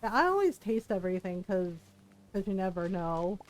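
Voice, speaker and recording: A woman's voice: mid-range voice, very animated, moderate pace, darkish tone, slight background noise. A woman streaming a game, chatting casually and telling stories, acting out what her family said. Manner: chatty anecdotal storytelling, acts out family quotes. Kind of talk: casual live-stream chat while playing.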